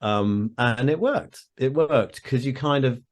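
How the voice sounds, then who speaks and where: A man's voice: medium pitch, unhurried. A middle-aged Englishman with a Surrey accent, an actor chatting in an interview over a video call, self-deprecating and laughing often. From England. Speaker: actor and audiobook narrator guest.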